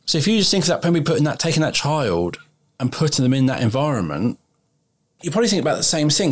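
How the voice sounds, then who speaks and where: A male podcast host with a slightly husky voice works through an idea using an everyday analogy, then checks whether his guest agrees. His pitch moves around a lot, giving his speech an animated lilt. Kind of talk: interview conversation.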